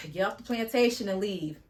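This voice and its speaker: Woman vlogger, mid-pitched, casual and blunt, slangy storytelling recap. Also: normal speed, a little mellow. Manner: chatty, blunt, slangy retelling with sighs.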